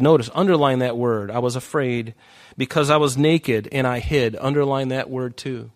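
A man's voice: medium pitch, fairly even intonation, moderate pace. A male preacher delivering a sermon in an emphatic, repetitive way. He walks his listeners verse by verse through scripture, stressing phrases by saying them again. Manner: emphatic, repeats key phrases.

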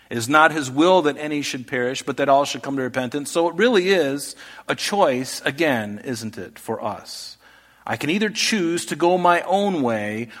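A man preaching an earnest sermon, posing rhetorical questions and swinging between loud, emphatic lines and soft, hushed ones. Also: medium pitch. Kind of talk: expository sermon.

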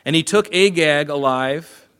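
A man's voice: a little high, unhurried, a bit bright, clear, resonant tone. Conversational male pastor preaching. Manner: conversational, storytelling with asides. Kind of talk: sermon.

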